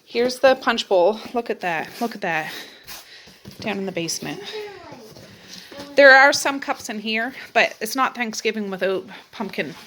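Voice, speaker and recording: A woman's voice: fairly high pitch, a little slow, pauses often, pushed and bright. Woman vlogger, chatty and laughing, home video with faint noise. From Nova Scotia, Canada. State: out of breath. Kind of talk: casual cooking vlog. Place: home kitchen and attic.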